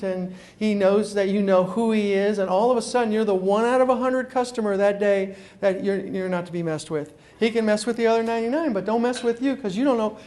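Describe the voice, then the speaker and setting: High-voiced New man telling stories. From New York. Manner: animated storyteller acting out phone calls. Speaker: guest speaker. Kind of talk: humorous keynote talk. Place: conference room before an audience.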